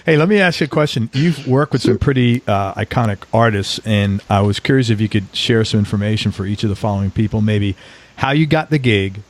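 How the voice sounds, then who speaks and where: A man's voice: lowish voice, brisk. A man hosting a casual interview, asking loose, chatty questions. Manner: loose, chatty, laughs easily. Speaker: interview host.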